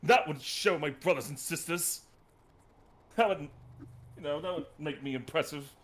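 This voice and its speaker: A man's voice: a little high, moderate pace, a bit bright, a little hiss or hum. A man playing his character in a tabletop game, whiny and rambling.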